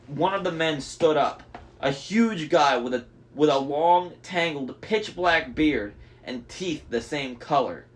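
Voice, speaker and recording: A man's voice: fairly high pitch, lively intonation, takes it slowly. Enthusiastic young man reading aloud. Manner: enthusiastic, chatty asides. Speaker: audiobook reader. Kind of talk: reading a novel aloud with fan commentary.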